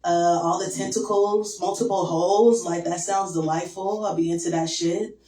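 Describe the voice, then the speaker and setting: A young woman doing a stand-up set, crude and deadpan, with lots of "um" and "like". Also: lowish voice, normal speed, soft background music. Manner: crude, deadpan, filler-heavy. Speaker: stand-up comedian. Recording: echoey room from far off.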